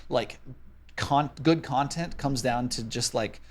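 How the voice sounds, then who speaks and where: A man's voice: medium pitch, takes it slowly. Casual swearing male podcast co-host. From Minnesota. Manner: swears casually, reads list items then riffs.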